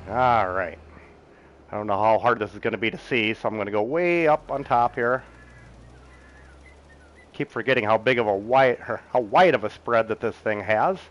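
A man's voice: fairly low pitch, unhurried, pauses often, fairly bright tone, muffled recording. A middle-aged man casually commenting on his farming game as he plays. He chats with viewers, chuckles often and talks to himself about the next task. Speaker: game streamer. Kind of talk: casual gameplay commentary while reading chat.

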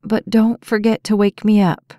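A woman voicing a frazzled, determined young woman in an audiobook, brisk and flustered. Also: medium pitch, little pitch movement, mellow, dry recording, studio quality, natural voice. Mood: protesting. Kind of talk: audiobook character voice.

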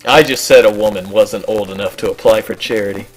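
A man's voice: lowish voice, music in the background, low-quality recording. A young man chatting casually about a video game with friends, rambling and joking. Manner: rambling, joking, quick asides. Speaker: let's play co-host. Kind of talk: casual gaming chat. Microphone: home computer mic, online voice chat.

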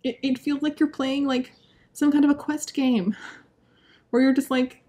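Young woman book vlogger, exasperated rant, lots of "like", slightly high voice. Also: moderate pace. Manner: exasperated, animated, heavy use of "like", laughs often. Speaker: book reviewer. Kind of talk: casual ranting book review.

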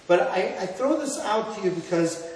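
A middle-aged rabbi from Cleveland giving an earnest sermon, telling stories and mixing in Hebrew and Yiddish words. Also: male voice, high-pitched, lively intonation, moderate pace. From Cleveland, Ohio, USA. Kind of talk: sermon to a live audience. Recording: echoey hall, mic far off, faint noise.

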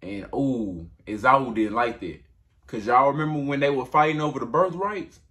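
A man's voice: medium pitch, normal speed, fairly bright tone. A man casually retelling a Bible story to listeners in a conversational way.

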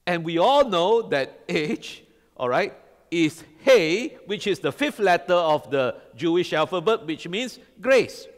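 Animated preacher in a reverberant hall. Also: male voice, high-pitched, slow. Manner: animated, quizzes the congregation with repeated "all right?". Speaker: pastor. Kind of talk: sermon.

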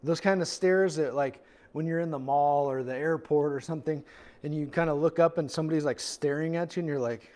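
A male pastor teaches through a passage in a relaxed, conversational style. He often slips into little acted voices for the people in the story. His voice sits a touch higher than most men's. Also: brisk. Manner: conversational, acts out quotes with voices. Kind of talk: expository sermon. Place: church.

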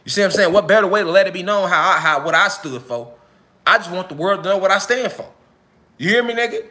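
A man speaks live to his followers in a high, tense, forceful voice. His talk is heated and profane. He keeps circling back with repeated phrases and street slang. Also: fast. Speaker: self-styled spiritual speaker. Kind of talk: unscripted live speech to followers.

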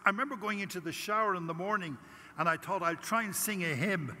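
A man's voice: high voice, fairly quick, bright, forceful tone. An older Irish priest giving a conference talk, telling a personal story and acting out his prayers with animation. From Ireland. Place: large conference hall. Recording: long hall reverb.

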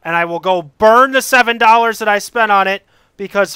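A young man with a high, bright voice talks through a frustrating game, sliding from muttered planning into furious swearing and yelling. His voice is smooth and clear, and the recording is dry with no room sound. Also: normal speed, no echo. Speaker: gamer playing a climbing game. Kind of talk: let's play commentary.

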